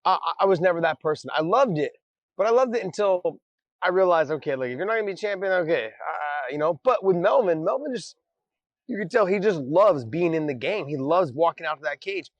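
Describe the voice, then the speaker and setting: A man's voice: a little high, lively intonation, fairly quick, dry recording, muffled recording. A man co-hosting a podcast, rambling in casual chat with frequent restarts and easy laughs. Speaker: podcast co-host.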